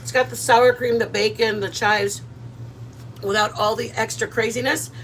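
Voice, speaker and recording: Loud, playful woman, high voice. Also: normal speed, a little hiss or hum, poor audio. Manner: lively, loud, playful, laughing. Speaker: cooking vlog host. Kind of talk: casual cooking chat with viewers.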